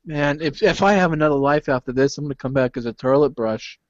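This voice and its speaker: A man hosting a casual online hangout, joking at his own expense and rambling through his points, his voice fairly high. The sound is dry and dull, like a lo-fi call. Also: fast, dry recording. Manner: self-deprecating, joking, rambling with fillers. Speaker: host. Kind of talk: casual group chat.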